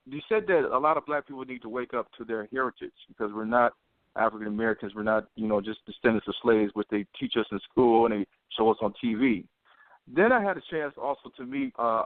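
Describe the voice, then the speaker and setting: A man's voice: medium pitch, dry recording. A man co-hosting a podcast, telling a long story full of quoted dialogue. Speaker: podcast co-host. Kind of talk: casual storytelling. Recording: tinny phone line.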